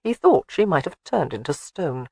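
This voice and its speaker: Measured audiobook narrator. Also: male voice, fairly high pitch, very animated, creaky, breathy edge, no echo. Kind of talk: scripted narration.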